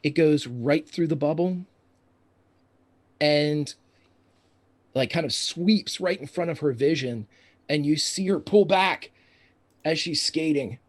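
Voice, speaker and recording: A man's voice: fairly high pitch, slow, pauses often. Man narrating as game master. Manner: descriptive, steady narration.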